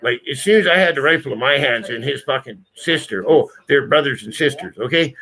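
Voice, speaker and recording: Gravelly guy spinning a yarn, swears a lot, bright edgy tone. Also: mid-range voice, lively intonation, fairly quick. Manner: profane, blunt, emphatic. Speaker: channel host telling a story. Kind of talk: casual storytelling.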